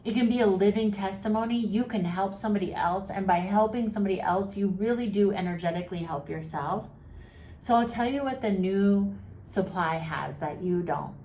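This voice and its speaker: A woman vlogger talks straight to camera, offering mental health advice to her viewers in a warm, mid-range voice at a normal pace. She's sympathetic and chatty, with a teasing, sarcastic edge. The room sounds echoey, with faint noise in the background.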